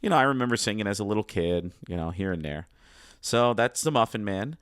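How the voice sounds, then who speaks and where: A man's voice: fairly low pitch, lively intonation, brisk, a bit bright, clean tone, no room sound, clean studio sound. A man giving casual, enthusiastic commentary on a cartoon's music, wandering into asides and reading quotes aloud. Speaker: music segment presenter on an animation review show.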